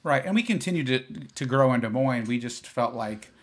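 A man, a business founder from Iowa, talking as a podcast guest in a relaxed, rambling way with many fillers and restarts. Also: mid-range voice, fairly quick. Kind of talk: podcast interview.

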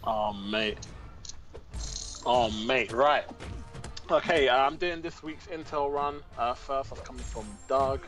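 A relaxed man co-commentates a game stream, reading viewers' messages aloud and trading banter. His voice sits at an ordinary middle pitch. Faint music runs in the background. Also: slow pace, pauses often. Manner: easygoing, reads chat aloud, laughs often. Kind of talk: laid-back livestream banter.

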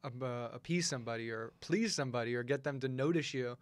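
A podcast host in casual conversation, trading quick teasing quips with his guest. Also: medium pitch, dry recording. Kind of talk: casual chat.

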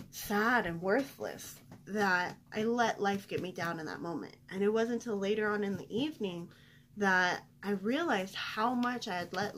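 A woman's voice: mid-range voice, a little hiss or hum. A young woman vlogger telling a personal story in casual chat, chatty and self-deprecating with lots of fillers.

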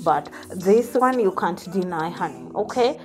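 A woman's voice: lowish voice, animated, unhurried. A woman hosting a celebrity gossip vlog, sassy and teasing, often saying honey.

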